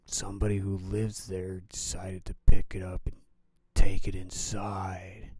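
A brash, taunting young boy in a homemade scary story, put on by a man. The voice is low and husky, and the boy speaks very slowly. The sound is close and dry. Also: completely flat delivery, darkish tone, no echo. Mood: coaxing. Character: bold teasing young boy.

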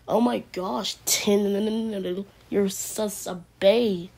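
A woman's voice: mid-range voice, drawn-out words, creaky, long pauses, slightly rough. A woman improvising a goofy skit, playfully switching between silly voices and bursts of nonsense sounds. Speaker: video creator. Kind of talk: goofy improvised play-acting.

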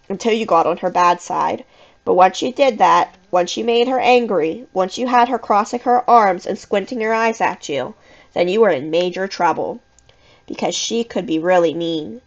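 A woman reads a spooky children's book aloud in the first person. Her reading is expressive and suspenseful, with a moderate, ordinary pitch for a woman. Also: dull audio. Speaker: audiobook reader. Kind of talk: storybook narration in first person.

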